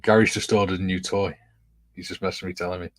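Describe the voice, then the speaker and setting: A man chatting as a guest on a livestream in a relaxed way, with dry humour. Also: low voice, quick pace, dry recording. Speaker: guest model builder. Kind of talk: casual livestream chat.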